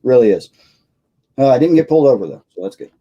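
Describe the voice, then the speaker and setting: A man's voice: mid-range voice, big pitch swings, fast, dark tone, highs cut off. A tired man hosting a live stream, chatting in a rambling, self-deprecating way with lots of fillers. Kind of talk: casual live stream chat.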